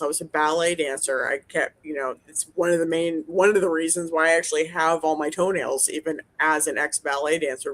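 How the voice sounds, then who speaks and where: A woman, a dental hygienist, chatting casually as a podcast co-host, blunt and profane, rambling with lots of restarts. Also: sits low. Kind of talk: casual chat.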